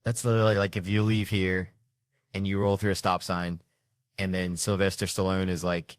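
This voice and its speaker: A man performing an animated, profane stand-up comedy routine on a handheld stage microphone. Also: low-pitched, moderate pace, no room sound.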